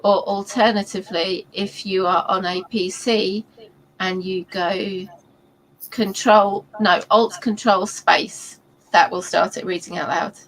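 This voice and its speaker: Gravelly-voiced woman, rambling chat. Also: medium pitch, steady tone, takes it slowly, fairly bright tone, slight background noise, poor audio. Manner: rambling, explains step by step with many ums. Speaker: co-host of a writing livestream. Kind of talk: casual livestream chat.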